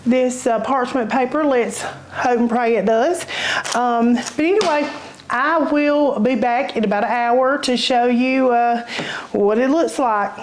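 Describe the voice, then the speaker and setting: Chatty Southern woman, fairly high voice. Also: a little slow, a little hiss or hum. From Southern United States. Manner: folksy, chatty, says y'all, laughs easily. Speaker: cooking channel host. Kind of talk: casual cooking demonstration. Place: home kitchen.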